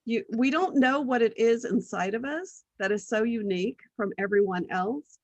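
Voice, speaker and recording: A woman's voice: a little high, normal speed, dry recording, dull audio. A middle-aged woman telling stories from her life in a casual interview, acting out what others said and laughing often. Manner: animated anecdotes, acts out quoted voices, laughs often. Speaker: guest, business strategist.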